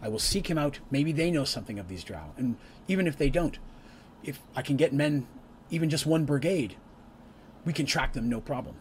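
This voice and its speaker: An earnest young knight of a holy order, as a man puts him on, speaking stiffly and formally with plenty of lift and fall in his voice. He is loyal and steady, a tabletop hero in a spoken recap. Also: mid-range voice, moderate pace, a little hiss or hum, lightly acted. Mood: resolute.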